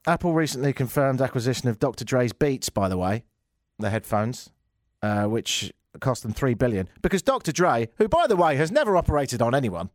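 A man's voice: mid-range voice, no echo, studio quality. A man hosting a comedy show, ranting sarcastically about tech news and mocking it with silly voices.

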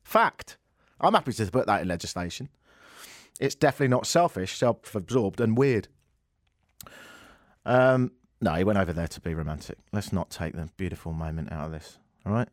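A man's voice: low voice, expressive, fairly quick, dry recording, studio quality. A man hosting a comedy show, reading a news story aloud with sarcastic, mocking asides. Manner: sarcastic, mocking, jumps between shouty and muttered asides.

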